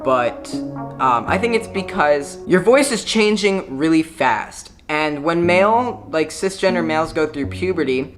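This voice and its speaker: Chatty, frank man vlogging over music. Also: fairly high pitch. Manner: frank, chatty, full of filler words. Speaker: YouTuber. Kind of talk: casual vlog talk. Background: background music.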